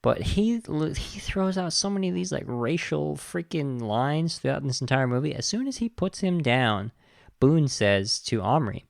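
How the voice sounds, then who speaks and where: A man hosting a podcast, casually retelling a film plot in an animated, indignant way. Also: mid-range voice, measured pace, vocal fry, no room sound, studio quality. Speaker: podcast host reviewing a film. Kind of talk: casual film review chat.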